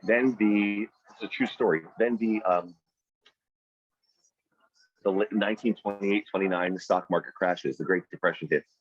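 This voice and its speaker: A man leading a weekly team meeting over a video call, telling a story and giving an emphatic motivational talk that jumps to loud, high peaks. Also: normal speed, pauses often, slightly rough, no room sound, muffled recording. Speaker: team leader running a weekly sales meeting. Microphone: video call microphone.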